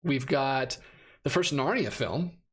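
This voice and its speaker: A man's voice: medium pitch, animated, takes it slowly, breathy edge. A man in his thirties hosting a casual live stream, rambling and correcting himself as he reads out chat comments, his voice a little worn. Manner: rambling, self-correcting, laughs often. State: losing his voice. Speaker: host of a live stream about movie releases.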